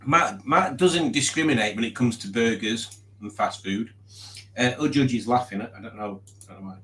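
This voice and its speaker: A man's voice: medium pitch, moderate pace, a bit bright. A man hosting a casual livestream, rambling and reading out viewer comments. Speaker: livestream host.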